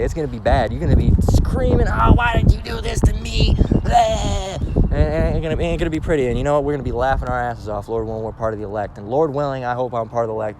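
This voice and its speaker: A man giving an informal scripture lesson as a street preacher. He reads verses slowly, then explains them in blunt slang, checking in with "all right?" again and again. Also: mid-range voice, noisy background.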